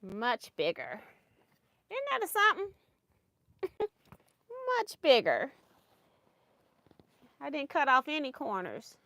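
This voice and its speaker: A woman's voice: sits high, huge pitch swings, takes it slowly, gravelly, long pauses, bright, forceful tone, no room sound. A woman hosting a casual sewing livestream, chatty and laughing often as she thinks aloud over her project.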